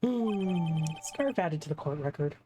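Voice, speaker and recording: Laughing low-voiced woman streamer. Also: expressive, a little slow, dark tone, soft background music. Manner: chatty, laughs at herself, self-deprecating. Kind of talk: live game playthrough, reading dialogue aloud.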